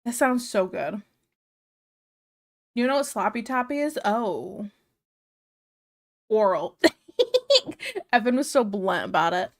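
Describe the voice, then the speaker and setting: A woman streamer chatting casually while she draws, frank, teasing and quick to giggle. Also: mid-range voice, lively intonation. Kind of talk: casual chat while drawing.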